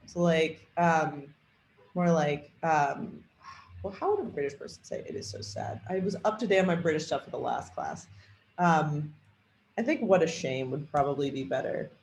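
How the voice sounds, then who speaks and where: A man leading a software training demo, thinking aloud with a lot of fillers and hesitation. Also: fairly high pitch. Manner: rambling, hesitant, many fillers. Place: at a computer. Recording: echoey room with faint typing.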